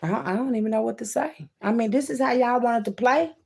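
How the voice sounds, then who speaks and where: Gravelly woman, dramatic outbursts. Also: a little high, quick pace. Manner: dramatic, swings from loud outbursts to hushed asides; talks to viewers as "baby" and "child". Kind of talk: card-reading monologue.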